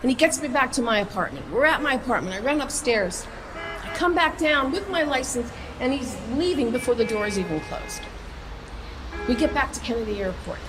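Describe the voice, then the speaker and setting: Animated female storyteller, a touch high-pitched, long reverb. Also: background noise. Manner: excitable, animated, stumbling restarts. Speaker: singer-songwriter telling her story. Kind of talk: personal storytelling.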